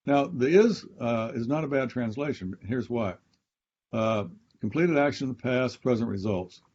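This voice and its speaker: A man's voice: medium pitch, animated, normal speed, a little mellow, muffled recording. A man, a Bible scholar and professor, explaining grammar step by step in a teaching conversation and repeating key phrases.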